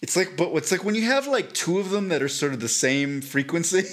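A man's voice: on the high side, expressive, brisk, a bit bright. A man co-hosting a podcast, talking in a rambling, casual way, restarting his sentences often and swearing freely. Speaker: podcast co-host. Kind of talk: casual chat.

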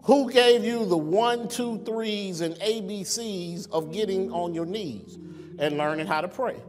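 Over music, a man with a high-pitched voice preaches at a measured pace, addressing an online congregation from a church sanctuary. He talks in a conversational way, leaning on rhetorical questions, and the room adds a long reverb.

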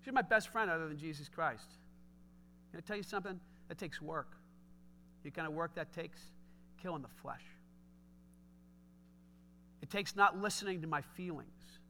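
Bright, emphatic middle-aged male pastor. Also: high voice. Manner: emphatic, conversational preaching with rising shouts. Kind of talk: sermon.

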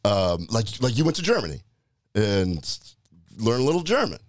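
A middle-aged male host with a low voice talks in an easygoing way, leading the chat with questions. His voice is close and dry, with no room sound. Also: sing-song, normal speed, no room sound. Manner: easygoing, leads the talk with questions. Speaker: podcast host. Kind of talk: casual interview chat.

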